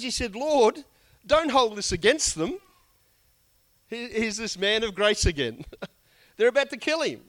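Hoarse, high-voiced male preacher. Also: a bit bright. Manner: conversational and emphatic, with asides and chuckles. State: hoarse, losing his voice. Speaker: pastor. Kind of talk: sermon.

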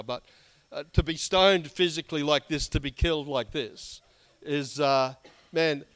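Hoarse man preaching, higher pitched, chatty and emphatic. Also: a bit bright. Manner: conversational and emphatic, with asides and chuckles. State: hoarse, losing his voice. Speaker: pastor. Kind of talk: sermon.

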